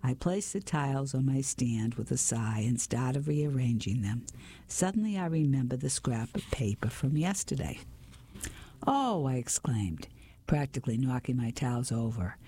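A reader narrating an audiobook in steady first-person storytelling. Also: mid-range voice, normal speed, husky. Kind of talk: audiobook reading.

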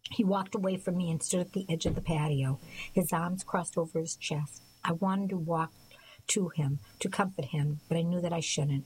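A woman narrating a novel as an audiobook, in a soft, quiet voice that sometimes drops to a whisper. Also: on the low side, steady tone, moderate pace, slight background noise, rough recording.

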